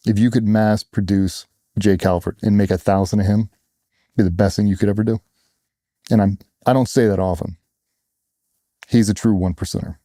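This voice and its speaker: A man's voice: fairly low pitch, steady tone, normal speed, pauses often, dark tone, dry recording, studio quality. A man candidly telling a personal story in an interview, blunt and plainspoken, acting out other people's lines as he goes. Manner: blunt, plainspoken, retells dialogue in quotes.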